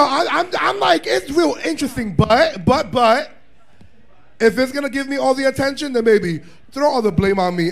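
A man in a drag panel chat, telling a story in a sassy, loud, profane way, often breaking into laughs. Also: very high-pitched, vocal fry. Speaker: drag performer guest. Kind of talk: animated live panel chat. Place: bar viewing party.

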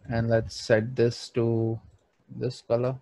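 A man's voice: medium pitch, completely flat delivery, slow pace, dark tone, dry recording. A man thinking aloud with frequent fillers as he narrates a screen-recorded design tutorial. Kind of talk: screen-recorded software walkthrough.

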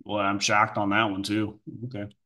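A man commenting on a video clip in a sarcastic, disbelieving way. His voice is bright and forward. He keeps mocking what he has just heard. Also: on the low side, completely flat delivery, normal speed, a little hiss or hum. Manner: sarcastic, incredulous. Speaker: commentary host. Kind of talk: reaction commentary.

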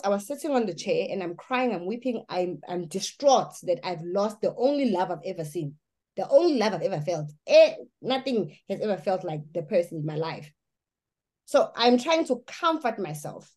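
A woman's voice: on the high side, expressive, moderate pace. A woman giving an earnest personal testimony, speaking emphatically and often restarting her sentences.

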